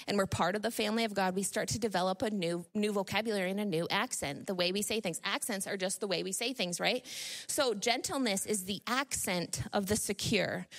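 A woman in her thirties from Northern New York, with a medium-pitched, slightly bright voice, speaks at a church gathering. Her sermon is informal and chatty, packed with personal stories, frequent laughter, and restarted sentences.

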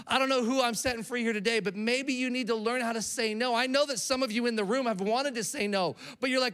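Give me a man with a fairly high voice preaching an animated sermon, urging his congregation to respond aloud. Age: adult with young children. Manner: animated, calls the crowd to respond. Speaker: pastor. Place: church hall with a live congregation.

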